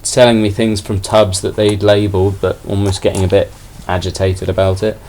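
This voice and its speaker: A man casually chatting through a haul of toy finds in a relaxed, rambling way. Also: lowish voice, normal speed, slight background noise. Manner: relaxed, rambling, self-deprecating. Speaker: toy collector vlogger. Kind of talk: casual haul video chat.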